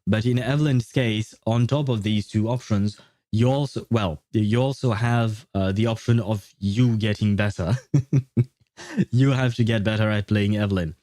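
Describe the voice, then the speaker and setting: A man's voice: fairly low pitch, normal speed, dark tone, dry recording, studio quality. A young man with a French accent, a French speaker chatting casually while streaming a game, rambling, correcting himself and laughing often. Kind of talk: casual livestream chat.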